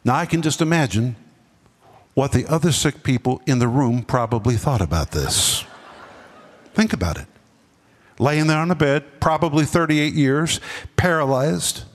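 A man's voice: a little high, lively intonation, measured pace, big-room sound. A man preaching a sermon as pastor, emphatic, repeating words and dropping his voice for effect. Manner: preaching with sudden drops and emphatic repetition. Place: church.

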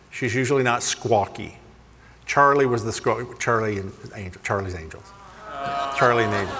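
Bright-voiced preacher joking in a hall. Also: male voice, medium pitch, husky. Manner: animated, jokey, self-deprecating. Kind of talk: humorous sermon storytelling.

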